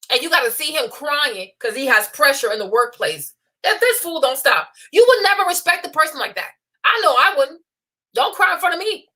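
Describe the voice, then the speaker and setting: Blunt, high, bright-voiced woman ranting. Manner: blunt, scolding, animated rants; mocking put-on voices for quotes. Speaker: host. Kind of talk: unscripted opinion livestream.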